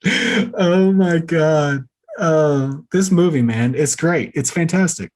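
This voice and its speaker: A man's voice: a little high, slow. A man co-hosting a movie podcast, recapping plot scenes and acting out the characters' lines. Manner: animated storyteller acting out quoted lines. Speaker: podcast co-host.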